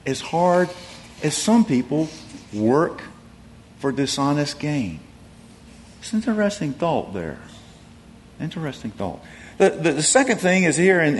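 Animated conversational male preacher. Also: on the high side, a little hiss or hum. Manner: conversational, animated storytelling with many restarts. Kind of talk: sermon.

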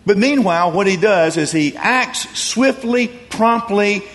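Male preacher, lively pitch, chatty sermon delivery, frequent restarts. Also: measured pace. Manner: conversational, animated storytelling with many restarts.

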